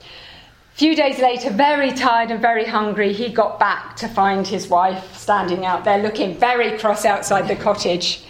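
A woman minister giving a sermon as a lively storyteller, acting out the characters as she goes. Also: medium pitch, normal speed, echoey room.

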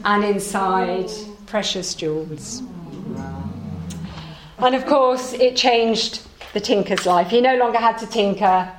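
A woman minister giving a sermon as a lively storyteller, acting out the characters as she goes. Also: mid-range voice, slow pace, roomy sound, crowd noise.

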